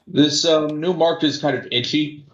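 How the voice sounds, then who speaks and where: A man playing a tabletop role-playing game, speaking in character in a slow, deliberate way. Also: fairly high pitch, fairly bright tone. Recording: echoey room, dull lo-fi sound.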